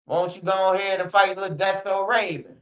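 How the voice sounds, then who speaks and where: A man's voice: sits high, little pitch movement, brisk, a bit bright, highs cut off. A man ranting bluntly in casual street slang, repeating himself and swearing often. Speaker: streamer.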